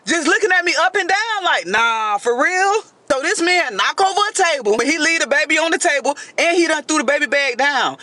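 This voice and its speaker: A woman telling a dramatic story in a casual storytime monologue, animated and keeps addressing her listeners directly. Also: sits high, fast talker, few pauses, dry recording.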